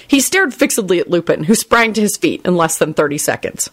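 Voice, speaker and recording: A lively woman reading fan fiction aloud. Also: on the low side, fairly quick, hardly any pauses, slightly rough. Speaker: reader.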